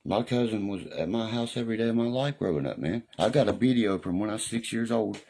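A man's voice: lowish voice, expressive, fast talker, vocal fry, warm tone, slight background noise. A man talking casually on a live stream in a rambling, profane way, often asking if you know what he means. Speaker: livestreamer. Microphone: phone or webcam on a live stream.

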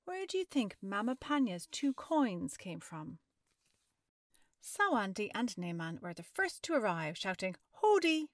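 A woman reading a children's picture book aloud as a storyteller, expressive and stopping to ask the listener maths questions. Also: medium pitch, a little slow, dry recording, studio quality.

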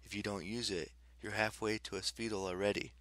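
A man reading an audiobook, voicing a brooding teenage boy in a quiet, subdued way. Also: lowish voice, fairly even intonation, a little fast, no echo, lightly acted. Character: brooding teenage boy, son of the underworld god.

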